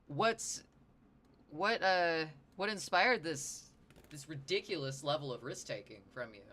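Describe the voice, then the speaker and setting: A man's voice: on the high side, lively intonation, a little slow, sharp tone. A man streaming his drawing session, rambling and joking with his chat. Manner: rambling, jokey, talks to chat. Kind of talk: casual livestream chat while sketching.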